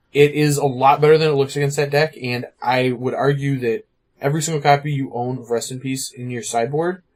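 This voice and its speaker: A man co-hosting a podcast, chatting casually about card game strategy, full of "like" and "you know". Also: medium pitch. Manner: fast, filler-heavy, lots of "like" and "you know". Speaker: podcast co-host.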